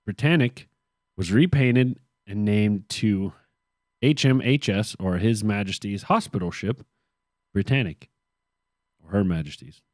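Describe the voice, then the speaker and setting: A man's voice: on the low side, animated, unhurried, pauses often, no room sound, clean studio sound. A man co-hosting a casual podcast, reading history from his notes with joking, sarcastic asides. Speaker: podcast co-host.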